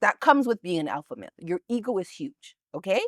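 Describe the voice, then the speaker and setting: A woman with a mid-range, very animated voice talks a little fast, recorded dry with studio quality. She's a co-host on a couples podcast, chatting casually but insistently pressing her point. She explains herself with frequent sentence restarts.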